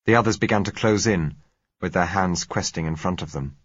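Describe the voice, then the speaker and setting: A man reading first-person narration aloud in a measured, even storytelling manner. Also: low-pitched, slightly rough, dry recording, muffled recording. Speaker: audiobook narrator.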